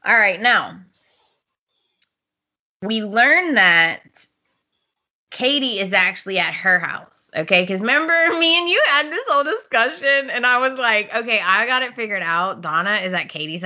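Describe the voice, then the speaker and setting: Woman podcast co-host, unhurried, bright tone, lo-fi sound, animated recapper. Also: mid-range voice. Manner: animated storyteller, acts out characters' lines, laughs often. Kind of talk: casual chat recapping a soap opera.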